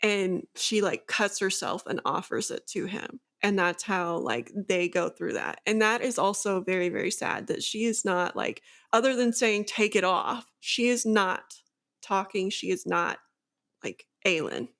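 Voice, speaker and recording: A woman's voice: mid-range voice, lively intonation, measured pace, a bit bright. A woman co-hosting a casual book discussion, recapping the plot at length with many "like" fillers. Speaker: book podcast co-host.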